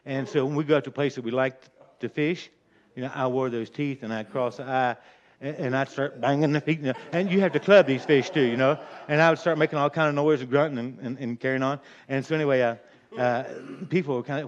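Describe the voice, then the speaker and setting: A man's voice: medium pitch, brisk. An older man telling a folksy, rambling prank story in casual talk, chuckling as he goes, on a dull lo-fi recording. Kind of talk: casual spoken anecdote.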